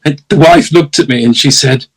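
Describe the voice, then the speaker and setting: A man's voice: fairly high pitch, brisk, poor audio. A middle-aged man with an English accent, a guest telling anecdotes in a casual interview, laughing often and acting out the voices in his stories.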